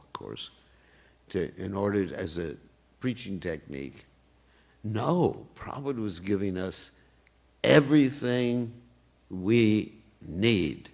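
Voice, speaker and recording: Older man, gravelly voice, lively sermon. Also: sits low. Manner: animated and laughing often. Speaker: temple class speaker. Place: temple hall.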